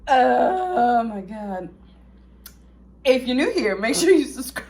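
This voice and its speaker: A young woman, vlogging a food review, dramatic and chatty, swinging from loud squeals to low mutters. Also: very animated, normal speed, pauses often. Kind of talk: casual food-review vlog.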